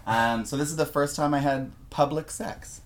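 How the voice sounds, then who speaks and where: A man co-hosting a podcast, telling a story in casual chat, animated and laughing a lot as he talks. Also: fairly high pitch, normal speed. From Canada. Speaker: podcast co-host.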